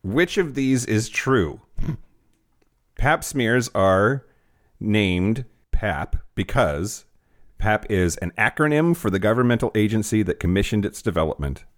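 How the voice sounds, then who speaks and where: A man's voice: on the low side, animated, measured pace. A man co-hosting a casual podcast, joking and swearing a lot, often restarting his sentences. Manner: profane, joking, lots of restarts. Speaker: podcast co-host.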